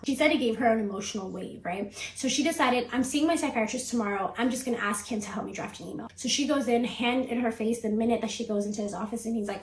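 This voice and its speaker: A woman's voice: fairly high pitch, fast, few pauses, echoey room, slight background noise, rough recording. A woman host retelling a story in casual commentary, chatty and peppered with "like" as she acts out what people said.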